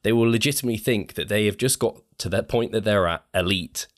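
A man with a very low voice chats on a podcast, agreeable and quick to laugh. The sound is dry and close to the mic. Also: no echo. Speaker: podcast guest. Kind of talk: casual podcast conversation.

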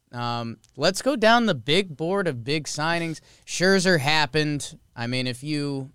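Clear-voiced man chatting about baseball. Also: mid-range voice, no echo, clean studio sound. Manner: animated, joking, rambling. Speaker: podcast co-host. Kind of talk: casual sports chat.

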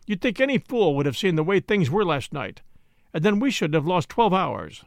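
A curt, dismissive police inspector in an audiobook, gruff and sure of himself, as a man reading the book puts him on. The voice has a gravelly edge, and the recording is close and dry. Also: high-pitched, very animated, normal speed, no room sound. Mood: scornful.

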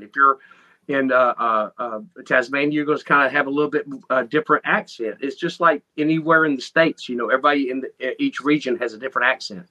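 A man's voice: mid-range voice, sharp tone, rough recording. A man from North Carolina with a thick Southern accent, talking plainly as a guest musician in a casual interview. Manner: thick drawl, plainspoken, proud.

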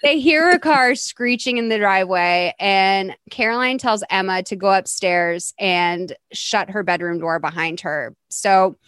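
A woman's voice: mid-range voice, measured pace, hardly any pauses, a bit bright, clean tone, no echo. A young adult woman hosting a podcast, recapping a movie in a chatty, sarcastic way. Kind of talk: casual movie recap chat.

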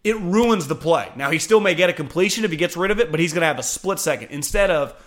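Hosting laid-back sports talk, this Northern Californian man in his thirties, an ex-pro defensive lineman, speaks fast with a slightly high voice. His delivery is animated and blunt, peppered with swearing.

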